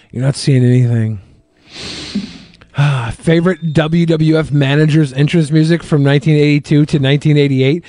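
A man with a slightly high voice hosts a live podcast and answers viewer questions. He swears constantly and sounds exasperated. The sound is dry, with no room echo. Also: steady tone, a little slow, pauses often, warm tone. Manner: profane and exasperated. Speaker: podcast host.

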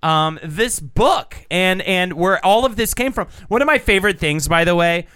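A man hosting a casual comedic podcast, excitable and quick to swear, often breaking into shouts. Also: high voice, clean tone, no room sound, studio quality. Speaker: podcast host.

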